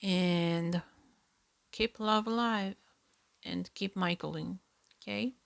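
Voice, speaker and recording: A woman hosts her own podcast alone, speaking slowly and earnestly with a fair bit of vocal fry. Her voice sits a little low, and she chats along with fillers and the odd hushed aside. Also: fairly even intonation. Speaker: podcast host. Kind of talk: casual solo reaction podcast.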